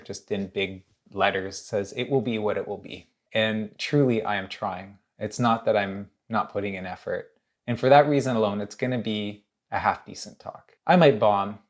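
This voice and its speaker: A man hosting his own channel, talking candidly and earnestly in a halting way, with many restarts. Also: fairly low pitch. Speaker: illustrator and channel host. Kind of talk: candid casual monologue.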